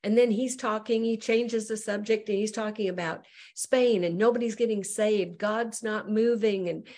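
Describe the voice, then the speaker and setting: As a guest on a show, this middle-aged woman evangelist delivers an animated personal testimony, dramatizing the voices she quotes. Her voice is mid-range and her pace moderate.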